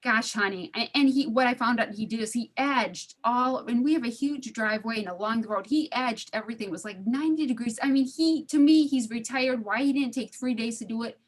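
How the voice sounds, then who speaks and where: A middle-aged woman talks in a casual, chatty way, with a voice pitched a little high. She laughs easily and acts out the people in her story. The sound is that of a video call. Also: brisk, few pauses. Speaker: study group participant. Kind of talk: casual storytelling in an online group.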